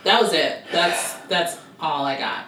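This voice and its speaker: A woman's voice: lowish voice, a little slow, fairly bright tone. A woman co-hosting a casual chat podcast, giggly and teasing, with blunt asides. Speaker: podcast co-host. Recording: roomy echo with faint background hiss.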